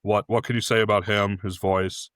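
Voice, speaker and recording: Deep monotone guy asking questions on a podcast, kinda hesitant. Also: normal speed, clean tone, no room sound, clean studio sound. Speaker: podcast co-host. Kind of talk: casual podcast interview.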